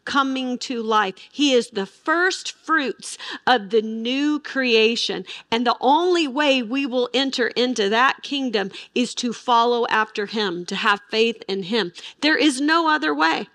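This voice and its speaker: A woman's voice: fairly high pitch, unhurried, hardly any pauses, a bit bright, no echo, clean studio sound. A middle-aged woman teaching the Bible with emphasis, asking her listeners rhetorical questions.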